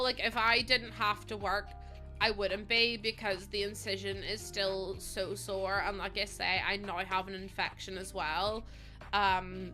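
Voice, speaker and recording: Bright-voiced woman streamer in pain. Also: mid-range voice. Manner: emotional, apologetic, breathing through pain. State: in pain, recovering from surgery. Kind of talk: casual chat to a livestream audience.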